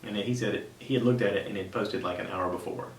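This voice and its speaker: A man hosting a podcast, retelling a story in a casual, rambling way and often restarting his sentences. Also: fast. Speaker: podcast host. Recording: roomy sound from a distant mic with faint rumble.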